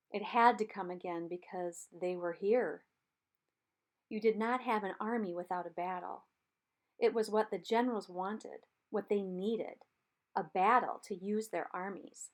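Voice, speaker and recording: A woman reading a novel chapter aloud as an audiobook narrator, with steady, measured storytelling. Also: mid-range voice.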